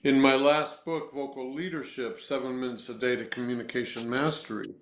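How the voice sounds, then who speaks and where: Man, voice coach, deliberate instructive delivery, middle pitch, echoey room. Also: steady tone, a bit bright. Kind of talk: guiding a vocal exercise, then interview answers.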